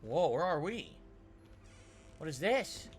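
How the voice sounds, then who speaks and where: A man streaming a video game, chatting casually and swinging from loud excited outbursts to low muttering. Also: slow, background noise. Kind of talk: casual gameplay commentary.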